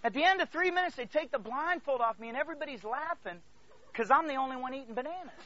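High, bright-voiced pastor preaching dramatically. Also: male voice, animated, fast, slight background noise. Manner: dramatic swings from hushed near-whisper to loud exclamation; storytelling, calls out to the congregation. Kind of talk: sermon. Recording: dull lo-fi recording.

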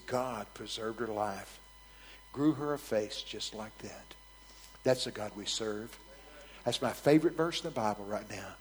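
A man preaches a sermon, telling a story vividly in a frank, conversational manner that swings between soft near-whispers and loud, emphatic bursts. His voice is medium in pitch, and the low-quality recording carries a little hiss or hum.

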